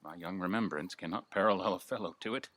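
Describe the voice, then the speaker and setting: An actor playing a nobleman who grimly recounts a stormy night, in measured Shakespearean stage style. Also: low voice, fairly bright tone, no room sound. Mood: ominous.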